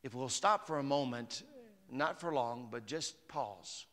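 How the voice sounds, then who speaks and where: A man's voice: mid-range voice, measured pace, a bit bright. A man preaching a sermon as pastor, chatty and conversational, climbing to emphatic peaks. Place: church sanctuary. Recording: long hall reverb.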